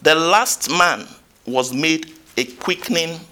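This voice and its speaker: Here a preacher with a slightly high voice speaks slowly, his intonation lively. During the sermon he reads scripture, asks his listeners questions, and swings from loud emphatic moments to soft asides.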